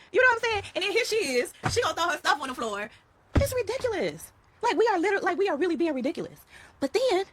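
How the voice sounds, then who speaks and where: A woman's voice: high-pitched, slight background noise. A middle-aged woman, talking in a casual spiritual vlog, emphatic and repetitive, calling her viewers y'all. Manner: emphatic, repeats phrases, addresses viewers as y'all and child. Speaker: vlogger talking to her followers.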